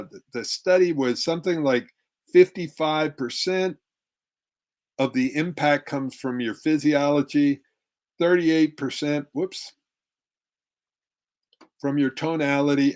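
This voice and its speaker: A middle-aged relationship coach with a highish, darkish-toned voice gives a workshop talk with slides. He's demonstrative, acting out tones of voice to make his points.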